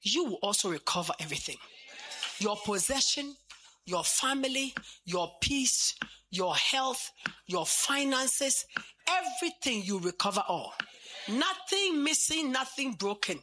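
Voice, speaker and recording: A man's voice: extremely high pitch, very animated, unhurried. A man preaching fervently and leading a church in prayer, chanting and speaking in tongues. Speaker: pastor. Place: church service. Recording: loud music behind the voice.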